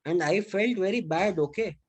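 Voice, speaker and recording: A man's voice: sits high, moderate pace. A man from Mumbai with an Indian English accent, a lecturer telling chatty anecdotes to his students in a casual classroom style. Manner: chatty, animated anecdotes with acted-out quotes.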